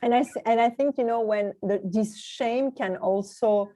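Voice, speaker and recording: A woman's voice: a little high, normal speed, crowd noise. A woman from the Middle East, a guest language educator, speaking earnestly and reflectively about personal memories, often adding "you know" and "right".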